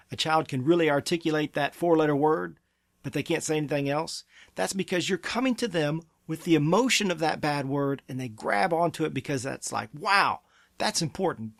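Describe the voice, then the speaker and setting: Man, gravelly and fairly high-pitched, earnest parenting advice in a dry, close sound. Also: no room sound. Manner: earnest, emphatic, acts out parent and child quotes. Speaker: pediatric therapy clinic presenter. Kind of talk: advice talk to camera.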